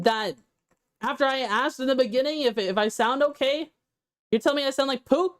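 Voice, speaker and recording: An excitable woman streamer with a slightly higher voice, chatting with her live audience. She sounds a little congested and stuffy. Her talk is loose and quick to react, picked up on a condenser microphone. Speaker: VTuber game streamer. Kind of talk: casual live-stream chat.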